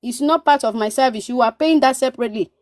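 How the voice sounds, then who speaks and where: In a dry recording, a Nigerian woman guest speaks quickly in a slightly high voice. Chatting on a live stream, she tells stories with animation and repeats phrases to stress her points.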